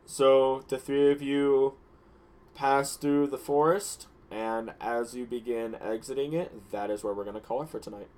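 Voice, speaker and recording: A man's voice: medium pitch, steady tone, unhurried, a little mellow. Hesitant young man running a tabletop game. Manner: hesitant, many fillers and restarts. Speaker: dungeon master.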